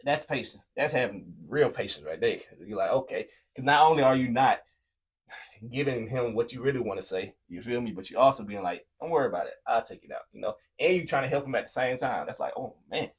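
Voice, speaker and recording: A man with a husky, breathy voice, chatting casually on a faith podcast. He tells everyday stories animatedly and slips into acting out both sides of a conversation. His pitch sits in an ordinary middle range. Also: animated, a little fast. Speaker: podcast co-host, husband. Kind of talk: casual faith-based chat.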